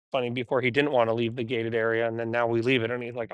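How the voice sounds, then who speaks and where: A man's voice: flat delivery, quick pace, few pauses, fairly bright tone, clear, resonant tone, dry recording. A man working as a dog trainer, talking casually to the camera while he trains a dog, candid and chatty. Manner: chatty and candid, switching to high, cheery praise for the dogs.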